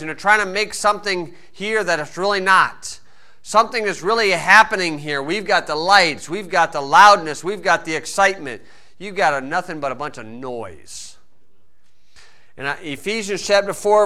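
A man preaching a sermon in a folksy storytelling way, swinging between loud emphasis and quiet asides. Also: high voice.

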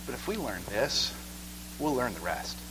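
A man preaching a sermon in church, conversational and animated, asking "okay?" again and again. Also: medium pitch, normal speed, noisy background.

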